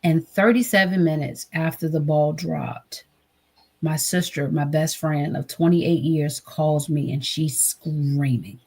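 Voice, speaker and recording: A woman's voice: deep voice, takes it slowly, darkish tone, slightly rough. A woman guest, a trauma advocate, telling an emotional personal story in an earnest way. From United States. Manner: earnest, acts out quoted voices.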